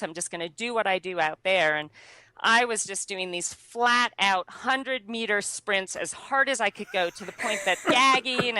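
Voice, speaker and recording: A young adult woman, a guest, telling a personal story in an animated way, laughing often and using many fillers. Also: medium pitch, dry recording. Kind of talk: conversational storytelling.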